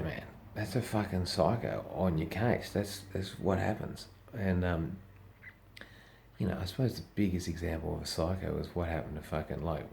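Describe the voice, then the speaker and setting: A man's voice: sits low, creaky, darkish tone. A middle-aged man, a comedian vlogger, rambling bluntly in a casual rant and swearing constantly.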